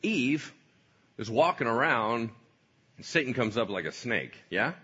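A male pastor giving a lively, playful sermon, acting out voices as he teaches. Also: mid-range voice, a little slow, breathy edge. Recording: dull lo-fi sound.

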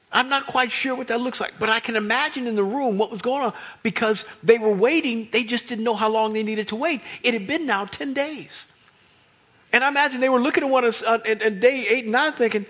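A man with an American accent preaching a sermon, telling the story in an animated way and acting out the voices of the people in it. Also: high voice, slightly rough. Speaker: pastor.

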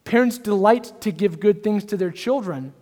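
Young guy preaching, high voice, big echoey hall. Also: moderate pace. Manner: earnest preaching, varies pace and loudness. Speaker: pastor. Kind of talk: sermon. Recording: hall reverb.

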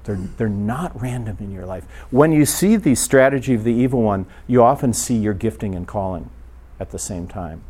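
A man preaching a sermon, telling a story and acting out prayers, often dropping to a near hush. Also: mid-range voice. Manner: animated storyteller, acts out prayers, drops to a hush.

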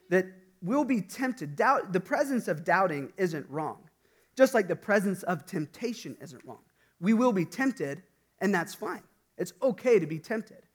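A man with a high-pitched voice delivers a sermon. He talks in a loose, conversational way, with casual fillers and restarts. It feels relaxed and personal rather than formal. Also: breathy edge. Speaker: preacher.

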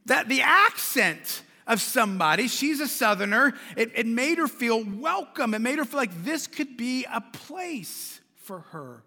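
Extremely high-pitched and sing-song, the pastor's pushed, bright voice moves at a measured pace with few pauses. He preaches a sermon in a conversational manner, repeating words and questioning the congregation, and the large church adds a long reverb.

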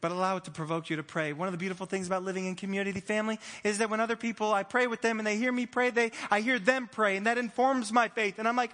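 A man preaching a sermon, animated and playful, acting out the voices of the disciples. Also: high voice, rapid-fire, hardly any pauses. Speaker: pastor. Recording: long hall reverb.

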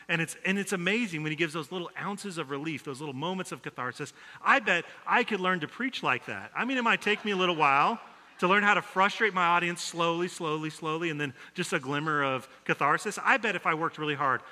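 A man's voice: high voice, pushed and bright. A man, giving a conversational sermon full of stories and self-deprecating jokes. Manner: storytelling, self-deprecating humor. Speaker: pastor. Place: church sanctuary. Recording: long hall reverb.

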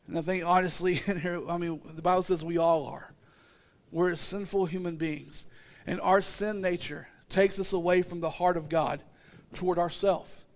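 A man preaching a sermon, animated and emphatic, full of repeated rhetorical questions and rising to shouts. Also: high voice. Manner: animated, acting out the disciples' voices, rising to shouts.

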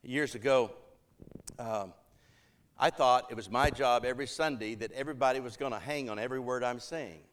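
A man's voice: mid-range voice, normal speed, a bit bright. A middle-aged pastor preaching a sermon, shifting his voice to act out the people he quotes.

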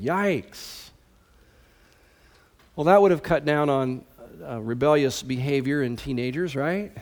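A man's voice: a little high, a little mellow. A man preaching a sermon as pastor, emphatic and with conversational asides.

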